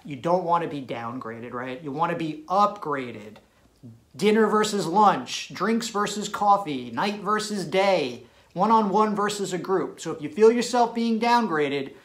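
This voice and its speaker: A man giving dating advice straight to camera, talking in an emphatic, punchy way and checking in with "right?". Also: fairly high pitch. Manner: emphatic, punchy, tag questions. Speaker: dating coach. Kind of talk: direct-to-camera advice video.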